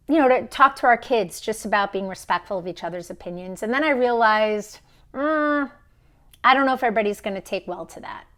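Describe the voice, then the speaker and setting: A woman's voice: mid-range voice, a bit bright. A woman in her thirties on a phone live stream, telling a story in an emphatic way and acting out the people she quotes. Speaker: vlogger.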